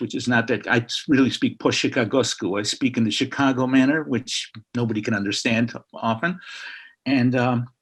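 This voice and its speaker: A man, a writer speaking as a guest, telling a lively anecdote on a video call and acting out the people in it. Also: medium pitch, slightly rough. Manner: lively, acts out the people in his story. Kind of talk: anecdotal storytelling.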